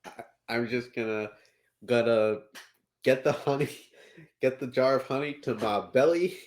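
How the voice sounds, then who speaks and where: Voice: medium pitch, measured pace, a little mellow. A player in a tabletop game who talks playfully, with goofy sound effects. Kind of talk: casual tabletop play.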